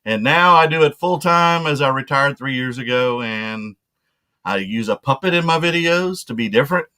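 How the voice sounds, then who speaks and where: A man's voice: mid-range voice, normal speed, bright, forceful tone. A middle-aged man from Central Texas, a guest talking about himself in a plain, matter-of-fact way. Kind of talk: casual interview chat.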